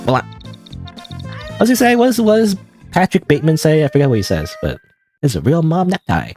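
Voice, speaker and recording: A man's voice: on the high side, big pitch swings, brisk, long pauses, a little mellow, soft background music. A young man from Canada doing casual game commentary, rambling and self-mocking with frequent restarts. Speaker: gaming streamer.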